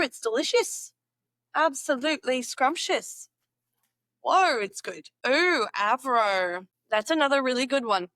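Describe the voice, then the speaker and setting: A woman's voice: a little high, bright, forceful tone, no room sound. A young woman vlogging at home in a goofy, playful way, repeating slang words over and over and giggling at her own tries. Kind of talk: playful casual vlog, practising slang.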